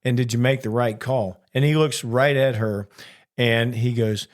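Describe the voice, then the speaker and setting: A man co-hosting a relaxed podcast, telling a work story with lots of voiced back-and-forth. His voice sits at a middling pitch and keeps the banter easygoing. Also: a little slow. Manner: animated storyteller acting out quoted exchanges. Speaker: podcast co-host, flight attendant. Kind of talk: casual storytelling chat.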